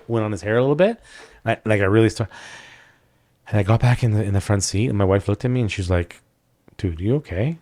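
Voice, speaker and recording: A man hosting a casual podcast chat, talking candidly and rambling, often breaking off and restarting his sentences. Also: on the low side. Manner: rambling, candid, self-interrupting. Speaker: podcast host.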